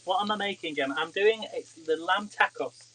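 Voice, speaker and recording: A man's voice: sits high, normal speed, bright, forceful tone, rough recording. A man cooking in a home kitchen and chatting casually to viewers of his live stream as he works. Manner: chatty, talks to viewers as he cooks.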